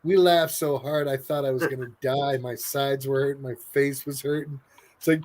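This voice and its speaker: A man's voice: mid-range voice, fairly even intonation, normal speed, a little mellow. A man hosting a casual live stream chat, laid-back and laughing often, sounding tired. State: tired, yawning. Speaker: livestream host.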